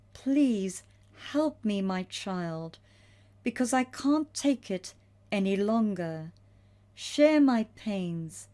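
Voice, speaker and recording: A woman's voice: on the high side, mellow. A woman voicing an anguished suffering Christ.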